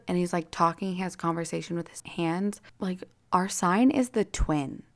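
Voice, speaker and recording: A woman's voice: on the low side, moderate pace. A young woman hosting her own podcast, talking casually and bluntly with lots of swearing and fillers. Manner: blunt, profane, rambling with many fillers. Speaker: podcast host. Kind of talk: casual solo podcast talk.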